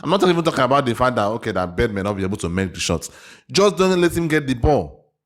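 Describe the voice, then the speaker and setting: A man's voice: medium pitch, sing-song, fast talker. A man from Africa hosting a reaction video, arguing his point emphatically with repeated questions. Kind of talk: casual reaction commentary.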